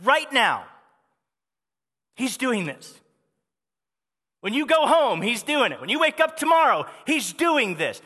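A man's voice: very high-pitched, very animated, a little slow, a bit bright, slightly rough, long reverb tail. A man preaching a sermon with fervent, repetitive emphasis. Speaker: pastor.

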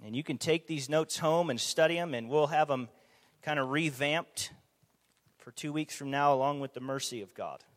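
A man preaching a conversational sermon, animated, asking the audience rhetorical questions, in a church or meeting hall. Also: on the high side, moderate pace. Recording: long hall reverb.

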